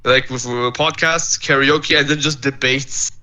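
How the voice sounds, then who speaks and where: A man's voice: mid-range voice, steady tone, unhurried, pushed and bright, rough recording. A man co-hosting a podcast in casual chat, hesitant and rambling, with many restarts and flustered protests. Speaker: podcast co-host.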